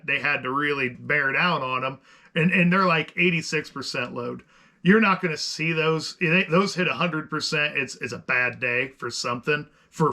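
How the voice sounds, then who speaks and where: A middle-aged man co-hosting a podcast, telling a story in casual chat with lots of restarts and rambling asides. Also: fairly high pitch. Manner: animated, rambling with many restarts. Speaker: podcast co-host.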